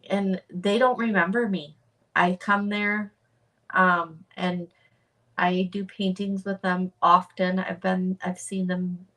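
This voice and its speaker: A woman chatting casually on a livestream about her art project, halting and full of fillers and restarts. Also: lowish voice, bright, forceful tone, distant mic. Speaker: artist livestreaming a charity project.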